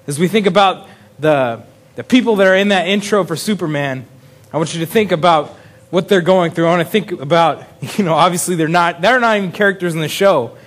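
A man's voice: high-pitched, a little fast, a bit bright. A man preaching a casual sermon in a chatty way, chuckling often and restarting his sentences. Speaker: pastor.

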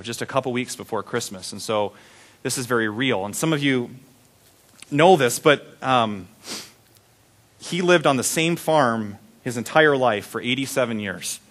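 A man's voice: mid-range voice, animated, normal speed, fairly bright tone. A young man preaching a sermon, telling a personal story in a conversational, heartfelt way.

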